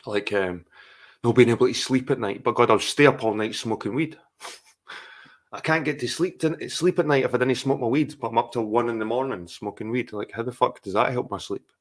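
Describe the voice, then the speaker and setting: A man's voice: medium pitch, steady tone, normal speed. A middle-aged Scottish man in a rambling, sweary, heartfelt casual chat on a live stream.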